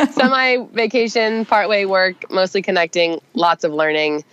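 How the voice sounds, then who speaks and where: A woman's voice: medium pitch, fairly even intonation, unhurried, fairly bright tone, smooth. A woman co-hosting a podcast, chatting casually and upbeat with many fillers, her voice nasal from a cold. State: nasal, getting over a cold. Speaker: podcast co-host. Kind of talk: casual chat. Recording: dull, dry sound.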